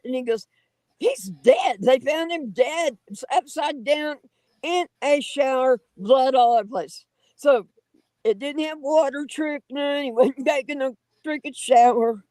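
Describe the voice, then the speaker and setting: High-voiced woman with a drawl. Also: dry recording, low-quality recording. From Oklahoma. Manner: animated, folksy, dramatic telling with rough grammar. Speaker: guest storyteller on a paranormal livestream. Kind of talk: casual livestream storytelling.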